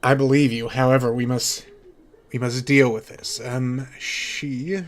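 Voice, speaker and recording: A man runs a tabletop role-playing session, describing scenes and speaking for the characters. His voice sits at a middle pitch and he often restarts his phrases mid-sentence. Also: flat delivery, measured pace. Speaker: game master. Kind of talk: narrating a tabletop game.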